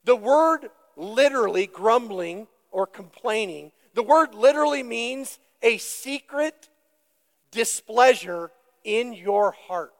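A male pastor preaching a sermon, deliberate and emphatic, putting questions to the congregation. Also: extremely high pitch, animated, long reverb tail.

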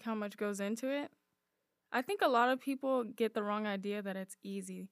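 A woman's voice: mid-range voice, fairly bright tone, no room sound, clean studio sound. A young woman co-hosting a podcast, talking easily in casual chat with many fillers. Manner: easygoing, thoughtful, many "um" and "like" fillers. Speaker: podcast co-host.

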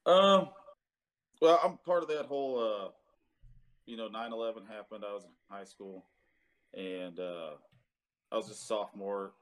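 A man's voice: on the low side, normal speed, long pauses. A man in his thirties, a Marine veteran, telling his story in a casual interview with many fillers and some cursing.

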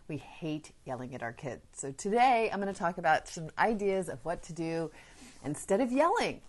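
A woman hosting a parenting podcast, talking through advice in an earnest, conversational way and sharing her own stories. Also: deep voice. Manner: earnest, conversational, shares personal anecdotes. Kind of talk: casual advice talk.

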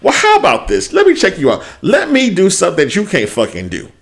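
Animated, profane man hosting a podcast. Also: sits high, fast talker. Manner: quotes people in put-on voices. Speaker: podcast co-host. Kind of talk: casual chat.

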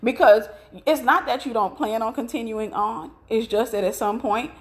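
A woman's voice: fairly high pitch, fairly even intonation, moderate pace. A middle-aged woman preaching in a conversational, storytelling way, telling about her own marriage. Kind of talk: sermon with personal story.

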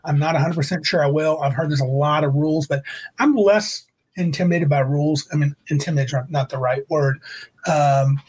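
A man's voice: a little high, fairly quick, darkish tone, breathy edge, poor audio. A man co-hosting a livestreamed tabletop gaming talk show, chatting casually and rambling as he corrects himself. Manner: rambling, self-correcting, reads quotes aloud. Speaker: podcast co-host.

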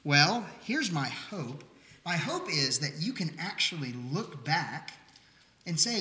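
A man's voice: fairly high pitch, very animated, slow pace, roomy sound, rough recording. A male pastor preaching a sermon, explaining scripture in a conversational way and punching key lines with strong emphasis. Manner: emphatic, rising to near-shouts on key lines.

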